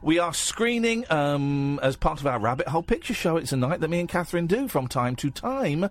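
A man's voice: fairly high pitch, sing-song, a little fast. A man hosting a casual phone-in radio show in a studio, chatty, jokey and rambling. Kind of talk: casual late-night radio chat. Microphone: studio microphone with headphones.

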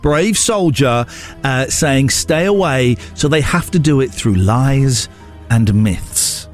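A man's voice: mid-range voice, animated, slow pace, faint music behind. A man hosting a casual morning radio show, bantering in a playful, mock-indignant way. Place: radio studio. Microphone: studio microphone.

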